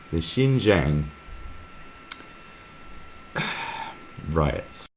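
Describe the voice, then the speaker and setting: Male streamer, booming low register, animated delivery, rambles and swears freely. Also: takes it slowly, gravelly, long pauses, a little hiss or hum. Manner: sweary, restless, often breaks into mocking impressions. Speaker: live stream host. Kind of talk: casual rambling commentary.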